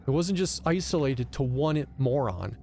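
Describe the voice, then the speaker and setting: A man streaming a video game, telling stories in a loose, animated way and cursing often in casual commentary. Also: mid-range voice, a little slow, vocal fry, slight background noise. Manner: animated storytelling, profane rants.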